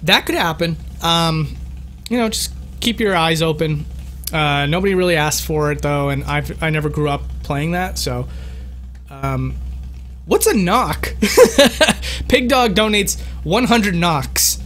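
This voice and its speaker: A man's voice: on the high side, lively intonation, slow pace, fairly bright tone, slight background noise. A young man from Boston with a light Boston accent, hosting a casual livestream, reading out donations and chatting. He laughs easily and often restarts his sentences. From Boston, USA. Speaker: livestream host.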